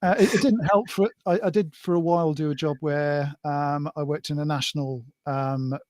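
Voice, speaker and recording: British guy chatting on a stream, bit high voice, lots of ums and restarts, dry close mic. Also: steady tone, moderate pace, a little mellow, dry recording. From Britain. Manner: tells jokes with put-on voices, hesitant fillers. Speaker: guest. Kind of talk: casual chat.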